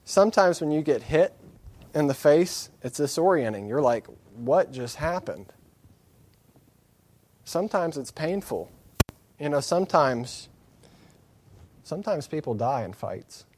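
Very animated yet a little mellow, a man's fairly high voice carries a sermon at normal speed. Earnest and candid, he drives his points home through emphatic repetition, with occasional self-deprecating asides.

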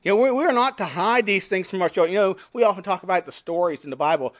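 High-voiced man preaching a sermon. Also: expressive, fast, few pauses. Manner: preaching with scripture readings in King James wording; swings between emphatic rises and quiet drops. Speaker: pastor.

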